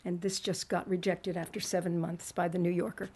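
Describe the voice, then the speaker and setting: A woman poet from Texas introducing her poem, hesitant with frequent ums and pauses. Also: lowish voice, flat delivery, background noise.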